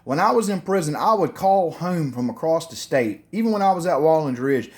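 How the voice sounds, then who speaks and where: Guy spinning a crude family yarn, cussing and rambling, voice sits a little high. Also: lively intonation, fairly quick, a little mellow. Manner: profane, rambling, full of fillers. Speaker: storyteller. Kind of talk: casual spoken storytelling.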